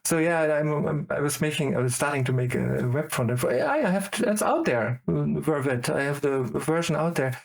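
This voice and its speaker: A man's voice: on the high side, moderate pace, gravelly, few pauses. Rambling German-accented man. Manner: rambling, excitable, full of tangents. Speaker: guest. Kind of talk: casual chat.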